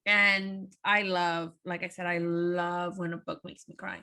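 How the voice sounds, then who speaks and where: Woman on a book podcast, bright sharp voice, says things like ever ever ever. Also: on the low side, little pitch movement, a little slow. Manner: emphatic, repeats words for stress. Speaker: podcast co-host. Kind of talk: casual chat.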